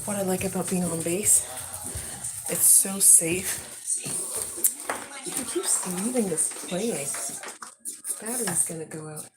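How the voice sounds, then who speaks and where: A woman's voice: lowish voice, slow, pauses often. A young woman chatting casually to viewers in a home vlog while she does chores. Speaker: vlogger. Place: home and yard on a military base. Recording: loud background noise.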